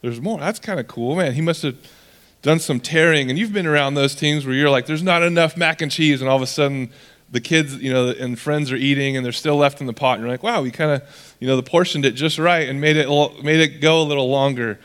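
A man, a pastor preaching a sermon in a relaxed, conversational way, acting out quoted dialogue with casual asides. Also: on the high side, brisk, clean tone.

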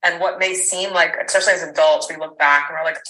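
A woman's voice: fairly low pitch, fairly even intonation, quick pace, pushed and bright, low-quality recording. A woman in her thirties, a podcast guest, tells a personal story candidly, rambling with fillers and restarts and an occasional swear word.

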